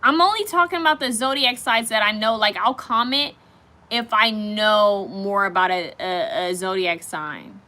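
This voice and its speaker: A woman's voice: mid-range voice, unhurried, pushed and bright. A woman hosting a casual live stream, chatting straight to her viewers and reacting to their comments as they come in.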